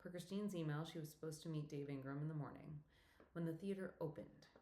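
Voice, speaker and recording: Low-voiced woman reading an audiobook. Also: a little fast, warm tone. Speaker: audiobook narrator. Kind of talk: scripted audiobook narration. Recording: echoey room.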